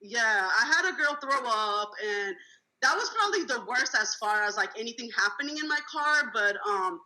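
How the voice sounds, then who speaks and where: A woman's voice: fairly high pitch, animated, moderate pace, pushed and bright, low-quality recording. A woman in her twenties, a rideshare driver from California, telling blunt, profane stories in a casual roundtable chat. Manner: blunt, swears freely, acts out passengers with laughs.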